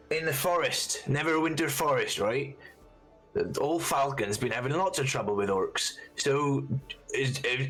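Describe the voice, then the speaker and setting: A man's voice: mid-range voice, fairly bright tone, pitched above the performer's own voice. A man voicing a wary, blunt middle-aged innkeeper in a tabletop game. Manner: blunt, folksy, guarded.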